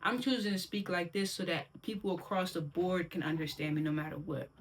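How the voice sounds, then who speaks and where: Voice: mid-range voice, fairly even intonation, fairly quick, slight background noise. Candid slangy speaker with a Maryland accent. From Silver Spring, Maryland. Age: young adult. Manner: candid, slangy, talks straight to the listener. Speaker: vlogger. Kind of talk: casual opinion monologue.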